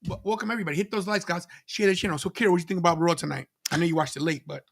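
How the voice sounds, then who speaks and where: Man, high voice, animated podcast co-host, laughs a lot, talks to viewers. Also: rapid-fire. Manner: animated, laughs often, talks straight to chat. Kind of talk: live watch-along chat.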